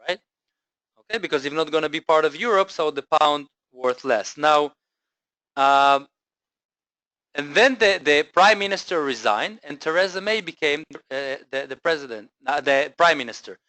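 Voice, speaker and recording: High, bright-voiced male trading presenter. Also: dry recording. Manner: energetic, keeps checking in with listeners with "okay?"; frequent fillers and self-corrections. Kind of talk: live online market lesson.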